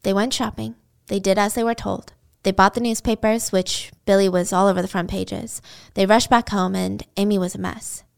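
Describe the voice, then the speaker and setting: A woman's voice: mid-range voice, steady tone, normal speed, creaky, smooth. A woman retelling a true-crime story in a casual, dramatic way, with chatty asides to the listener.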